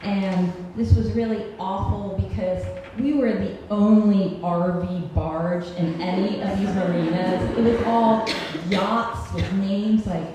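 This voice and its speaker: This woman in her thirties has a medium-pitched voice with fairly even intonation, speaking slowly with few pauses. She tells a live personal story on stage at a cultural center hall, wry and self-mocking, often laughing through lines, in an echoey recording with slight hiss.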